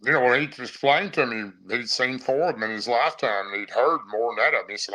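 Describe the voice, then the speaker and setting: A middle-aged man guests on a podcast and tells his story in a rambling, first-person way. His voice is bright and forward, at a middle pitch. The delivery is vivid and unpolished. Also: fast, few pauses, poor audio. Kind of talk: casual storytelling.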